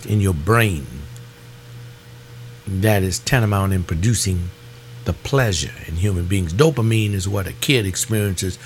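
Over a faint hiss or hum, a man delivers a fervent webcast sermon, pleading with his audience as his pitch climbs during the emotional appeals.

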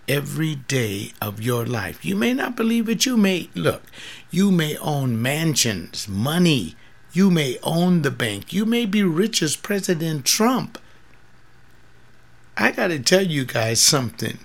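A man in his seventies, a retired pastor hosting a radio talk in a studio, measured and plainspoken as he reminisces. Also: fairly high pitch, gravelly. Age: 70s.

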